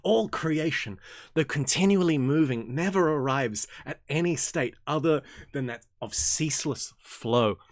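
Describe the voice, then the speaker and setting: A young man hosting an occult reading group, reading passages aloud and rambling in jokey, animated tangents. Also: a little slow, no room sound, studio quality. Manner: animated and jokey, swings from excited outbursts to low mumbles. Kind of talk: casual reading and commentary livestream.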